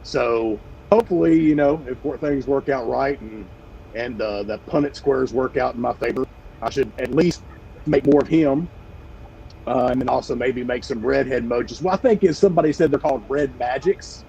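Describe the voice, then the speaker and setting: A man's voice: medium pitch, normal speed, gravelly, dark tone, lo-fi sound, a little hiss or hum. Southern man joking on a video call. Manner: joking, rambling with fillers. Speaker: guest reptile breeder. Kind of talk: casual livestream chat.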